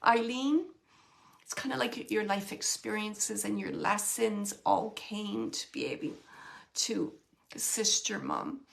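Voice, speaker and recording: A woman giving a live mediumship reading, relaying messages in a halting, emotional way and often searching for words. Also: mid-range voice, creaky. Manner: emotional, close to tears at times.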